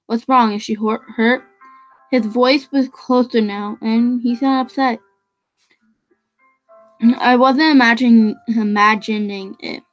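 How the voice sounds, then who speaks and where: A woman's voice: a little high, steady tone, takes it slowly, pauses often, faint music behind, poor audio. A woman reading a novel aloud, often stumbling and restarting phrases. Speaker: reader.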